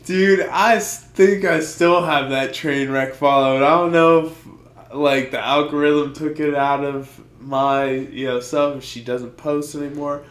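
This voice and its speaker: Slow-talking young man, echoey room. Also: on the high side, fairly even intonation. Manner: loose, profane storytelling with put-on quote voices. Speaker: podcast co-host. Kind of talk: casual podcast chat.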